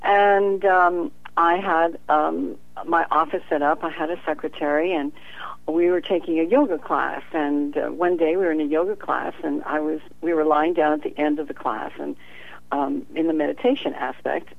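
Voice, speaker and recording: Over a tinny telephone line with no room sound, a professional psychic tells a story in an interview, her low voice carrying vocal fry at a normal pace. She is an animated storyteller, acting out the quoted dialogue and laughing often.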